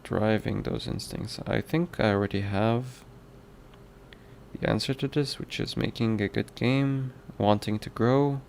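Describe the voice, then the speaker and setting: A man on a casual livestream, thinking out loud about his game and answering his chat. His voice sits low and gravelly, and he takes his time, stopping to muse and to toy with mock accents. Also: steady tone, unhurried, hardly any pauses, a little hiss or hum. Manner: musing, reads chat aloud, toys with mock accents. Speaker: indie game developer streaming his work.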